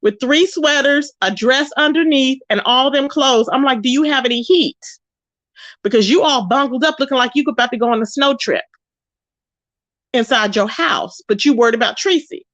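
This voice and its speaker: A woman hosting an online commentary show, ranting in a sassy, confrontational way with drawn-out emphatic phrases. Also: high-pitched, a bit bright, no room sound. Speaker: YouTube commentary host. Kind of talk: casual commentary rant. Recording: dull, lo-fi, dry.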